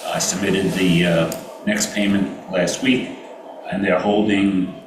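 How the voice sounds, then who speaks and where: A man with a Brooklyn accent running a committee meeting, reading out payments and figures with many halting fillers. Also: low-pitched, flat delivery. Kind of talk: meeting business. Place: meeting room. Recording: echoey room from far off with noise.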